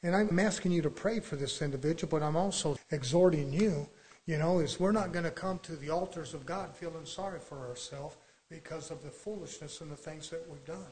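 A male preacher with a slightly higher voice delivers a fervent sermon. He drops into quiet, confiding asides, then swells into loud exhortation. He tells stories in a down-home, colloquial manner. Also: fairly quick, poor audio. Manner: folksy, colloquial storytelling.

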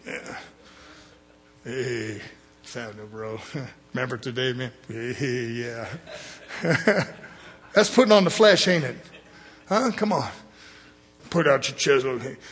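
A middle-aged man preaching a fiery sermon with a husky, somewhat high voice. He talks bluntly and folksily, calling for amens and pushing his points hard. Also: a bit bright. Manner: folksy, blunt, call-and-response.

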